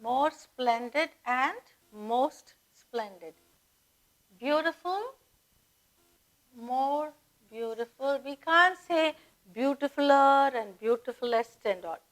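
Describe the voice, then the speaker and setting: Woman English teacher, high pitch, slow measured delivery, pausing between listed words. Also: fairly bright tone, rough recording. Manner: slow, deliberate, spells out word lists with pauses. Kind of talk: slow classroom grammar lesson.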